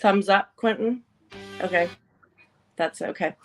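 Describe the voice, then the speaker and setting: A woman's voice: medium pitch, unhurried, faint music behind. Playful woman podcast host, teasing. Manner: playful, teasing, laughs often. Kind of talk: casual chat.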